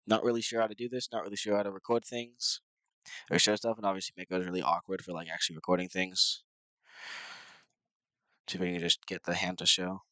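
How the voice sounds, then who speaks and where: A man's voice: sits low, level tone, fast, long pauses, bright, forceful tone, dry recording, rough recording. A man who is a little sick and sounds nasal, rambling casually and unsurely with lots of fillers as he commentates his own card game matches at his computer.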